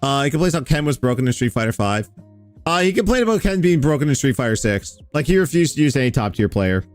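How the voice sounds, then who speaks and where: Male host, mid pitch, laid-back sardonic commentary, faint music underneath. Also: fast. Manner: relaxed, rambling, sardonic with fillers. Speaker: host reacting to clips. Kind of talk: casual commentary over clips.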